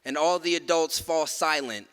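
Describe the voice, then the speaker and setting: Male spoken word poet, bright voice, rhythmic and emphatic, live in a reverberant hall. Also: fairly high pitch, moderate pace, smooth. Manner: rhythmic, emphatic, dropping soft at line ends. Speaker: performance poet. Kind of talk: spoken word poetry and stage storytelling. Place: live stage at a museum event.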